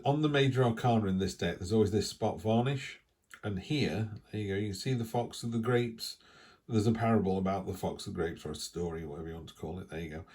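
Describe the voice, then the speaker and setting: With a lowish, mellow voice, this tarot reader, a middle-aged man with an English accent, wanders through his weekly reading in a relaxed, talkative way. He drifts into asides and pauses occasionally to cough.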